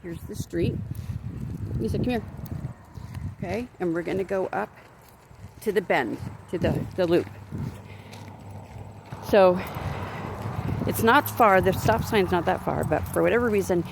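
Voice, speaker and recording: Gravelly woman ranting outdoors on a phone. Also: fairly low pitch, unhurried, pauses often. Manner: indignant, rambling, talks with many restarts. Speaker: vlogger and crisis worker. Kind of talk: ranting to camera while walking. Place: outdoors on a neighborhood street, walking a dog. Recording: outdoor street noise.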